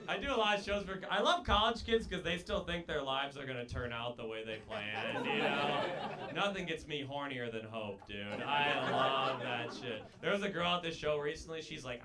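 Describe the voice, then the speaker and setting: A man performing a stand-up comedy set in a comedy club, deadpan and sardonic, teasing the audience. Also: a little high, moderate pace, heavy background noise. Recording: live club with loud crowd laughter. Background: audience laughter.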